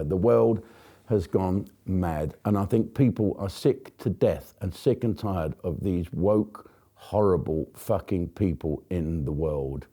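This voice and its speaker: A man's voice: low voice, warm tone. Sweary man ranting. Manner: profane, ranting, sarcastic. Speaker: comedian host. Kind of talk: comic news rant.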